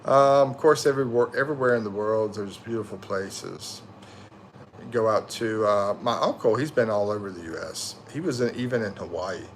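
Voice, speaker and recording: Here a fairly low-pitched man speaks at an ordinary pace over slight background noise. He's a weary middle-aged host from the USA on a livestream, loosely chatting through viewer comments with slang, tangents, and self-corrections.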